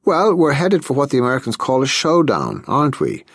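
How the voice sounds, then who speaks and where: Guy doing a know-it-all party economist, talks up a storm, bouncy pitch. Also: wildly swooping pitch, fairly quick, dry recording, clean studio sound. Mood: lecturing. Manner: talkative, confident, lecturing. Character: chatty, self-assured male party economist.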